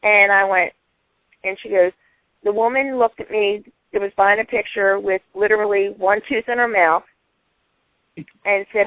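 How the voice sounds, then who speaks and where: A woman's voice: mid-range voice, steady tone, normal speed, pauses often, dry recording. A woman from New Jersey, a longtime friend and guest, telling chatty anecdotes on a call-in show. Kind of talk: casual storytelling on a phone-in show. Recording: tinny dry phone line.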